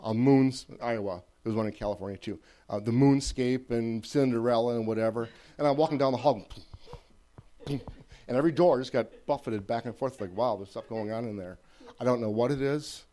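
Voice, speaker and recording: Mellow-voiced man preaching casually. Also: mid-range voice, a little fast. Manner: conversational, repetitive emphatic phrasing, checks in with listeners. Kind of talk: informal sermon.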